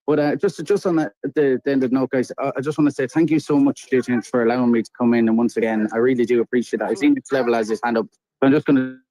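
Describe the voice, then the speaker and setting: A man's voice: medium pitch, fairly even intonation, fast, mellow, poor audio. A man from Ireland with an Irish accent, calling into a live stream and chatting casually, rambling with lots of restarts and easy laughs. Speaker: guest caller. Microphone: remote call connection.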